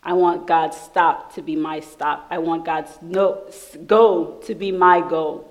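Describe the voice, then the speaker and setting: Animated woman giving church testimony. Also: low-pitched, slow pace, poor audio. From New York. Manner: animated storytelling, laughing often. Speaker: church speaker. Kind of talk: sermon testimony.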